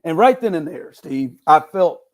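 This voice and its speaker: A man's voice: fairly high pitch, normal speed. A man hosting a casual sports podcast, telling stories with playful mock indignation. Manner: animated storytelling, playful indignation. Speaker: podcast host.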